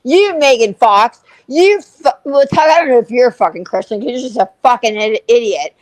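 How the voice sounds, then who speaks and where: A woman's voice: a little high, expressive, moderate pace, no room sound, low-quality recording. A woman co-hosting a livestream, ranting furiously and swearing constantly. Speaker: co-host. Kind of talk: livestream commentary.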